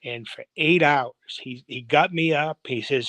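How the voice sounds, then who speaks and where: This American football coach in his seventies has a voice on the high side, a bit bright, and speaks a little slowly. Interviewed via video call livestream, he rambles through long stories thick with fillers and acted-out dialogue. The recording is dry and of low quality.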